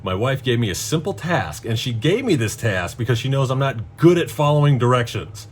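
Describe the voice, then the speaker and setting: In a husky, mid-range voice and a slightly fast pace, the middle-aged vlogger tells an exasperated, profane story as a casual rant, bringing it to life with voiced quotes.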